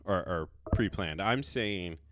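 A man's voice: low-pitched, slow, fairly bright tone, no echo. A man in his thirties co-hosting a podcast, laid-back in casual chat and laughing often. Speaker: podcast co-host.

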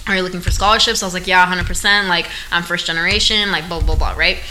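A young woman from Oregon, a podcast guest in casual chat, animated and mixing in Spanish. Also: fairly low pitch, fast talker, soft background music, poor audio. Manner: animated, laughs often, mixes in Spanish.

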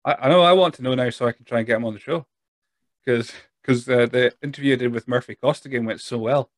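A man's voice: mid-range voice, fast talker, no echo. Chatty Scottish man hosting a podcast. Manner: chatty, laughs often, trails off and restarts. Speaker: podcast host. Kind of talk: casual chat.

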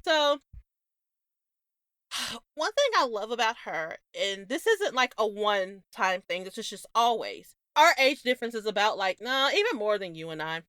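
A young adult woman co-hosting a podcast, telling stories in a casual, animated way, laughing often. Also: mid-range voice, normal speed, clear, resonant tone, dry recording, studio quality. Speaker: podcast co-host. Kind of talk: casual chat.

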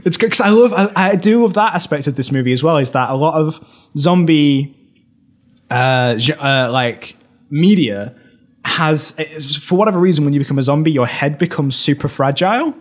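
A man's voice: a little high, animated, moderate pace. A British man co-hosting a film podcast, recapping scenes in a rambling casual way, laughing often and restarting his sentences.

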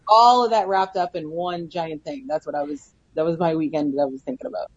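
Husky woman co-host, dull lo-fi sound. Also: low-pitched, a little fast. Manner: playful, agreeable, laughs a lot. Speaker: podcast co-host. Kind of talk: casual podcast chat.

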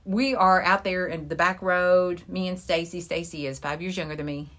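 A middle-aged woman co-hosting a podcast in casual chat, telling lively stories and jumping into a high voice when she quotes people. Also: normal speed. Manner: animated storyteller, voice jumps high when quoting. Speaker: podcast co-host.

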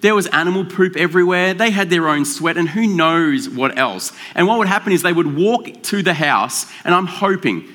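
Guy giving a laid-back sermon, bright tone, cracks jokes, stretches out the big words. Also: sits high, expressive. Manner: conversational and joking, with drawn-out emphasis. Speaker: pastor. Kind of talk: casual sermon.

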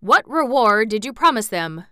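A woman voicing a suspicious, anxious male gnome king in a storybook reading, with loud emphatic exclamations. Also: fairly high pitch, very animated, normal speed, clear, resonant tone, dry recording, clean studio sound.

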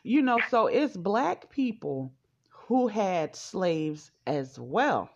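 A woman's voice: on the low side, big pitch swings, drawn-out words, gravelly. A woman chatting casually on a podcast, speaking reflectively and often restarting her sentences. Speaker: podcast co-host. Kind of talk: casual chat. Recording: dull lo-fi podcast audio.

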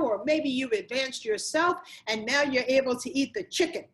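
A middle-aged woman coaches her viewers in an emphatic motivational talk. Her voice sits a little high, and she repeats key phrases to drive them home. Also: poor audio.

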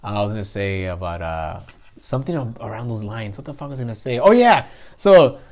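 A man's voice: on the low side, expressive, a little fast. A man in casual, profane chat, laughing often.

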